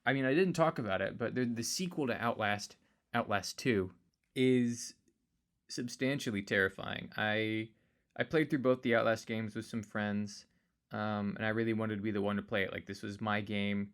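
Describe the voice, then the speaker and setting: Man, podcast co-host, casual chat, rambling, searches for words, low-pitched. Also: moderate pace, fairly bright tone.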